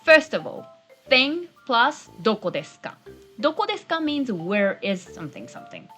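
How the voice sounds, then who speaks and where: A woman teaching basic travel phrases in a friendly, encouraging way. She slows right down to model each phrase, her voice rising and dropping through the examples. Soft music plays underneath. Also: a little high, big pitch swings. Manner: slow, deliberate modeling of phrases. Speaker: Japanese language teacher. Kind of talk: friendly travel language lesson. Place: New Zealand-based channel.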